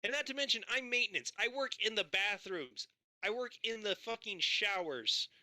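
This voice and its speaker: Guy ranting about his job on stream, super bright crisp voice, dry sound. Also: high-pitched, moderate pace, no echo. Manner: animated, swearing storyteller who acts out both sides of conversations. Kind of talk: casual chat.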